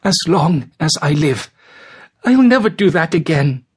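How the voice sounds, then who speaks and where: A man's voice: high-pitched, measured pace, husky, pitched above the performer's own voice. A man voicing a frightened young man who answers timidly and tries to sound obedient. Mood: tearful. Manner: timid, eager to please.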